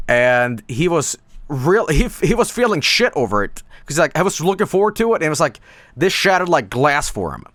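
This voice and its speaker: A man's voice: fairly high pitch, big pitch swings, moderate pace, fairly bright tone, no echo. A man chatting casually on a stream, rambling with lots of fillers and restarts and swearing now and then.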